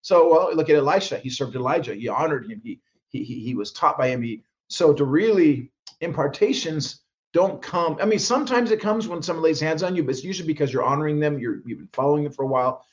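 A man's voice: on the high side, animated, fast talker, dull audio. A man guest minister telling stories in an interview, acting out quoted voices with frequent restarts. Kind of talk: animated storytelling interview.

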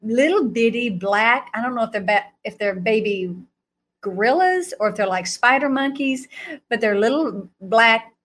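A middle-aged woman telling a story in an animated way, laughing often and jumping to a high voice when she acts out reactions. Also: moderate pace. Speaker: guest recounting a vision.

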